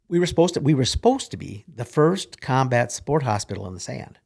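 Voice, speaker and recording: A man's voice: mid-range voice, sing-song, a little fast, vocal fry, few pauses, a little mellow, husky. An older man, a retired military officer, telling folksy rambling stories in an interview. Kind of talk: casual storytelling in an interview.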